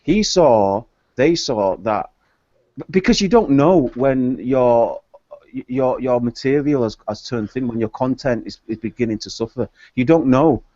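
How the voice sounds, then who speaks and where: A man's voice: medium pitch, a little slow, dark tone, no room sound. A man in a casual group chat, opinionated and hesitant, often repeating his words. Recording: dull lo-fi online call audio.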